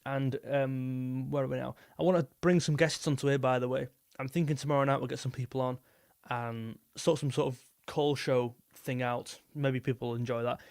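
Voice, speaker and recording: A man's voice: mid-range voice, steady tone, normal speed, creaky, a little mellow, clean tone, no room sound, studio quality. A young man hosting a live football stream, chatting casually and rambling as he reads out viewer messages. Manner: rambling, repeats himself, reads super chats aloud.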